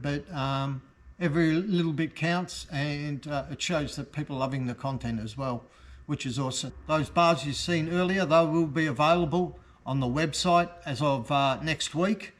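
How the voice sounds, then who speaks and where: Aussie bloke with a slightly high voice, hyped and laid back, showing off bike parts on his vlog. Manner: enthusiastic, easygoing, talks like a salesman. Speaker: custom motorcycle parts shop host. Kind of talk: casual product showcase vlog.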